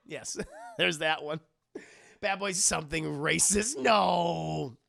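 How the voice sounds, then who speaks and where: Casual male streamer, joking, bright and gravelly. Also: a little high, dry recording, studio quality. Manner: joking, animated, quick impressions. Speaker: live streamer. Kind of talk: casual live-stream chat, reading chat.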